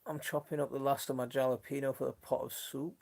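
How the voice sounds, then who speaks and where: A man's voice: medium pitch, level tone, fast, creaky, a little mellow. A man with a mixed Leeds and Sheffield accent hosts a casual gardening live stream on his phone from his kitchen. He chats in a friendly way, reads out viewer comments and trails off into restarts. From Northern England. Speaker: gardening channel host.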